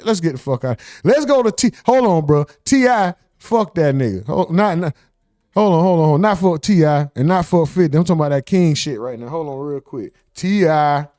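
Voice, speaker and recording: A man with a fairly high voice riffs through casual reaction commentary, animated and mocking. The sound is close and dry, with no room around it. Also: fairly quick, no echo. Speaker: host.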